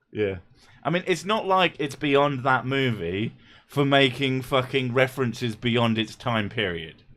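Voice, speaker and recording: This streamer host speaks at a medium pitch with a touch of brightness. Running a laid-back comedic livestream, he cracks jokes, curses without restraint, and drops rapid side comments.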